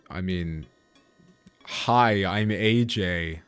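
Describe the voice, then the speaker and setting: A man's voice: on the low side, normal speed, dry recording. Male streamer, casual rambling game chat, faint music under it. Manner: rambling, self-interrupting, chatty with viewers. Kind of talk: casual gaming commentary.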